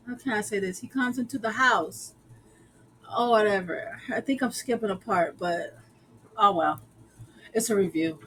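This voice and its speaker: A woman's voice: fairly high pitch, fairly bright tone, a little hiss or hum, poor audio. A woman casually recapping a show episode, chatty and slangy with lots of fillers.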